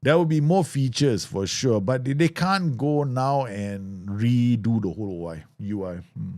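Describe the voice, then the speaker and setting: A man streaming a football management game, chatting casually, laughing often and breaking into excited outbursts. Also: mid-range voice, gravelly. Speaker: gaming streamer. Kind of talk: casual live game commentary.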